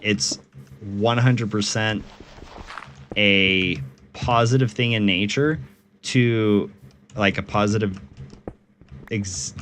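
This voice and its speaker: A man's voice: lowish voice, a bit bright, a little hiss or hum. A man streaming a game and chatting casually with viewers, laid-back, swearing freely and often laughing.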